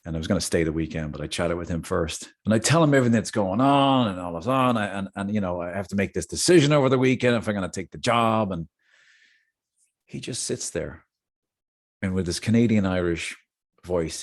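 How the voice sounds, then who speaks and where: A middle-aged man hosting a casual talk, telling a personal story with jokey asides. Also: fairly low pitch. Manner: animated, jokey asides, chatty. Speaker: host.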